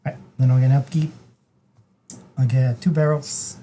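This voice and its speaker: A man with a very dark, mellow voice plays a board game with friends, talking his way through each move and counting out loud. A faint room hum sits behind him. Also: mid-range voice, fairly even intonation, moderate pace. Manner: talks himself through moves, counting aloud. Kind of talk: casual tabletop game play.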